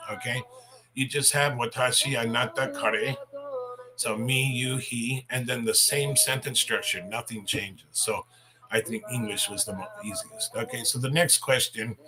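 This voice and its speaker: A man's voice: medium pitch, poor audio. A man in his fifties, a language teacher hosting a casual livestream Q&A, talking in a chatty, rambling way with restarts.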